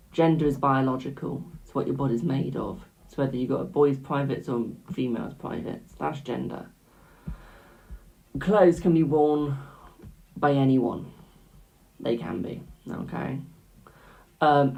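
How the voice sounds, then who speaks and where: A man's voice: on the high side, gravelly, a little mellow, low-quality recording. A young British man doing tarot readings on a live stream, chatting casually and calling viewers "my darling".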